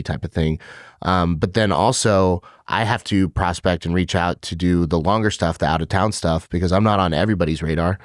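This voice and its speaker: Comedian guy on a podcast, kinda low voice, dry close mic, swears a lot and laughs at his own stuff. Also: a little fast, no room sound. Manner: animated storytelling, swears freely, laughs often. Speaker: stand-up comedian guest. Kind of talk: casual podcast chat.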